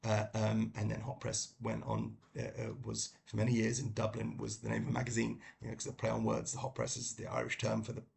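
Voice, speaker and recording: A middle-aged man from London with a British accent, talking about books in a casual review, halting with many ums and restarts. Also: lowish voice, completely flat delivery, vocal fry, a little mellow, slight background noise. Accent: British English. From London, England. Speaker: book vlogger. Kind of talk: casual book review talk.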